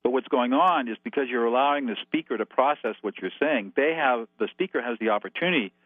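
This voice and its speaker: A man's voice: mid-range voice, fast talker, no echo. A man as a guest expert, calling in and laying out numbered steps in a methodical, instructive way over a tinny phone line. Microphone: telephone.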